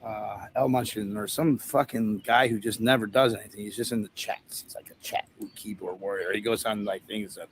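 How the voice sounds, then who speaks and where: A man with a fairly low, steady voice speaks at a moderate pace with few pauses, over a little hiss or hum. Hosting a livestream from an outdoor event setup with a tent, he rambles profanely, tells stories and laughs at his own jokes.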